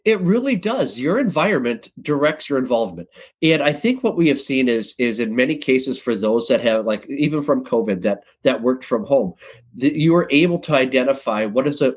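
A man talking as a guest on a podcast, telling stories in a casual, lively way and jumping up in pitch when he gets excited. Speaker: guest, sales director.

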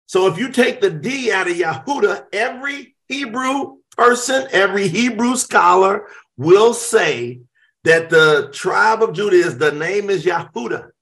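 Middle-aged guy, kinda high voice, acts out little conversations while explaining stuff. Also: a little slow. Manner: animated storytelling, acts out both sides of conversations. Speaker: guest explaining Hebrew names. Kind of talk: casual discussion.

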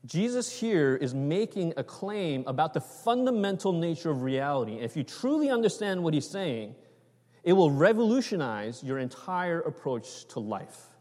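A man's voice: fairly high pitch, big pitch swings, normal speed, darkish tone. A man giving a conversational sermon, often checking in with "right?" and "okay?". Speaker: preacher. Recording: long reverb of a large hall.

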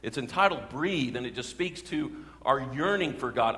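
A man preaching a sermon as a pastor, talking warmly and building to emphatic peaks on key phrases. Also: mid-range voice, lively intonation, moderate pace. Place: church sanctuary. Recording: reverberant church sanctuary.

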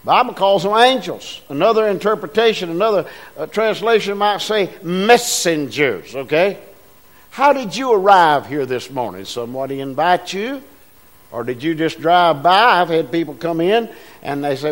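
A man's voice: high-pitched, animated, moderate pace. A man preaching a sermon as pastor, folksy and rousing, calling out to the congregation. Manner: folksy, call-and-response preaching with rising bursts.

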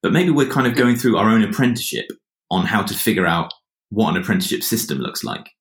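Deep-voiced host in an echoey room. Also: male voice, expressive, fast talker. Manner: reflective, thinking aloud. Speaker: podcast host. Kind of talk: conversational interview. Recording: roomy echo.

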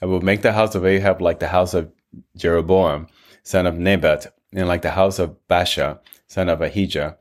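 A man's voice: low voice, fairly even intonation, normal speed, lightly acted. A man voicing a young male prophet who delivers a grave, declaiming message. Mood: solemn.

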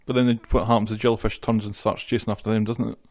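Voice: mid-range voice, flat delivery, fast talker, a little mellow, no room sound, clean studio sound. A podcast co-host in casual chat, reading out episode trivia and joking along. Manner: reads trivia notes, jokey, laughs easily.

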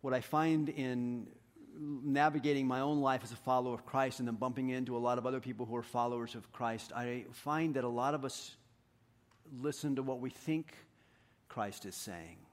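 A man preaching a sermon, telling stories in an animated, self-deprecating way and swinging between hushed and loud delivery. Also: medium pitch, normal speed. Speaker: pastor. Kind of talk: sermon with storytelling.

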